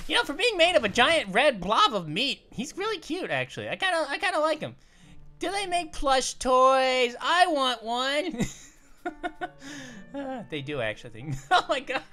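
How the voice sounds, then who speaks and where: A woman voicing a bubbly young female grape who hosts animated let's-play commentary, giggling, making puns and yelping at danger, over faint music. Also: high voice, full character voice. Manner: giggly, punny, yelps at danger. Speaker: host of gaming videos.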